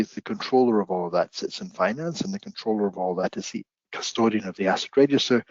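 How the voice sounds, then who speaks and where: A man with a South African accent presenting a business webinar, explaining things deliberately and slowly. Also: lowish voice, dry recording. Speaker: company founder presenting a webinar. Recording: dull lo-fi webinar audio.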